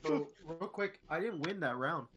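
A man's voice: on the high side, lively intonation, moderate pace, fairly bright tone, muffled recording, a little hiss or hum. Casual male tabletop player. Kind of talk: casual tabletop game talk.

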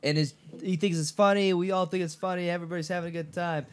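A young man telling a crude locker-room story to friends on a podcast, laughing and shouting out the quoted lines. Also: high-pitched, fairly even intonation, fast, clear, resonant tone. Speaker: podcast co-host. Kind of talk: casual storytelling among friends.

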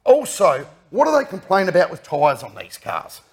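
A man's voice: high-pitched, wildly swooping pitch, moderate pace, slightly rough. A middle-aged man hosting a casual, jokey show, rambling and laughing often. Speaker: podcast host. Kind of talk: casual banter.

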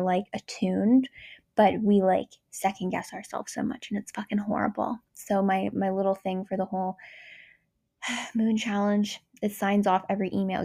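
A woman's voice: mid-range voice, vocal fry, mellow. A young woman giving a frank, rambling casual monologue, full of "like" fillers and swearing. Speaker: astrology content creator.

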